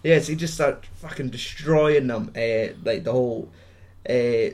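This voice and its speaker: A man's voice: mid-range voice, unhurried, darkish tone. Rambling, swearing man. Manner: rambling, profane, laughs often. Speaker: podcast host. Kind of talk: casual film recap chat.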